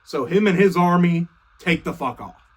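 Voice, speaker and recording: A man's voice: high voice, animated, moderate pace, husky. A young man casually retelling a story in slang, swearing freely and offhand.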